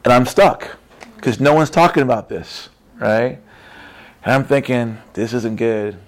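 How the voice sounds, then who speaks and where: A man's voice: mid-range voice, a little slow. A man giving a casual Christian testimony talk, emphatic and repetitive, often tagging his sentences with "right?". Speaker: Christian speaker.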